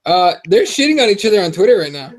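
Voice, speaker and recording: A man's voice: high voice, big pitch swings, quick pace. A man hosting a sports podcast in casual, profane, joking chat. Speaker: podcast host.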